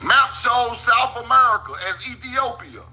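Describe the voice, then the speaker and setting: High-pitched, gravelly man, slow talk. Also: steady tone, pushed and bright, rough recording. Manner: profane, repeats "hold on", laughs at his own points. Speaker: channel host. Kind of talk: casual commentary over maps.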